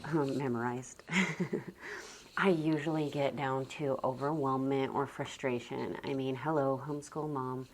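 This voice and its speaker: A woman who homeschools her children, talking casually to the camera in a calm, soft-spoken and reflective way, with sighs and a lot of "like". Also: a bass voice, a little hiss or hum. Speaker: homeschooling mother and parenting vlogger.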